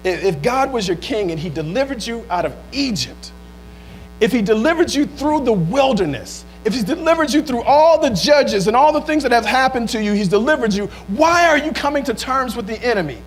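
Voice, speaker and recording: A male pastor preaching a sermon, asking the same questions again and again, stumbling over restarts and rising to shouts. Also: very high voice, animated, brisk, soft background music.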